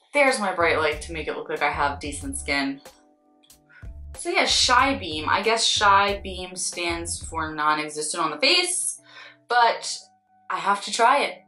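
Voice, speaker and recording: A woman's voice: mid-range voice, pushed and bright. A young woman, a beauty vlogger and makeup artist, chatting candidly with wry asides as she unboxes products. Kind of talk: casual unboxing chat. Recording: roomy echo, faint background music.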